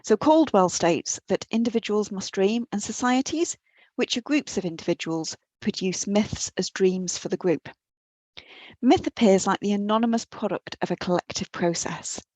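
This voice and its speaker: A woman's voice: medium pitch, expressive, normal speed, darkish tone, no room sound, rough recording. A woman lecturer giving a guest talk on mythology, earnest and a little self-deprecating, with some restarts, speaking into a computer mic. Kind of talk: academic lecture. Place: her office at home or work, on a computer.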